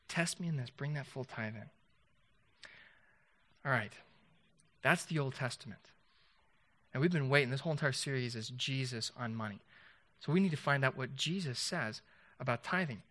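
Speaking at a medium pitch in a pushed, bright voice, a male pastor delivers a conversational sermon. He throws rhetorical questions at the congregation and frequently begins his sentences again.

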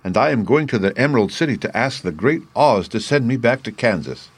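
A man's voice: mid-range voice, animated, brisk, slightly rough. A man voicing a polite, earnest young girl in a storybook reading. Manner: polite and eager.

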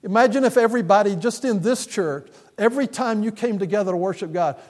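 Preacher guy, kinda high voice, earnest, repeats himself for emphasis, echoey church hall. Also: fast talker, darkish tone. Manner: earnest, repetitive emphasis, mild humor. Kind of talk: sermon. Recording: long reverb of a church hall.

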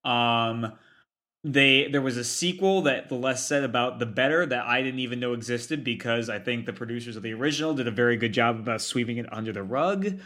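A man's voice: mid-range voice, a little fast, sharp tone. A man co-hosting a podcast in casual chat, rambling through his opinions in stop-start phrases. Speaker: podcast co-host.

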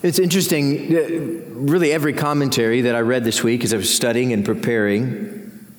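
A man preaching a sermon as senior pastor, earnest, his voice climbing when he voices lament. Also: fairly quick. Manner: earnest, rising in pitch when voicing Job's laments. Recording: long reverb of a church hall.

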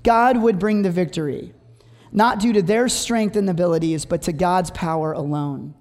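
A preacher delivers a sermon in a voice of middling pitch, moving between reading scripture and telling playful stories. The sound rings with the long reverb of a large hall. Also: moderate pace, a little mellow. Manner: humorous, anecdotal, reads scripture aloud.

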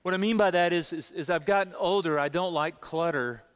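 Brisk and high-pitched with a clean tone, a middle-aged male pastor delivers a sermon in a large-sounding room. He tells personal anecdotes with animation and doubles up on words for emphasis.

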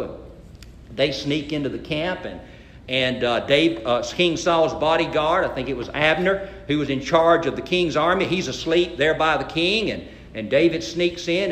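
A man's voice: fairly high pitch, moderate pace, fairly bright tone. Preacher man in an echoey hall. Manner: folksy storytelling, acting out the figures' quotes. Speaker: pastor. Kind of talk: sermon retelling a Bible story.

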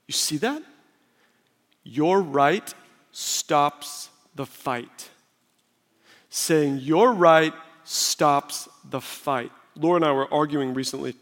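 Guy pastor preaching, high voice, big echoey church hall, emphatic. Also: fairly bright tone. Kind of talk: sermon. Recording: long reverb of a large hall.

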